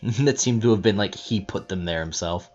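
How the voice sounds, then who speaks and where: A man narrating a tabletop game as game master, halting and searching for words, on a dull lo-fi recording. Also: on the low side, darkish tone, soft background music.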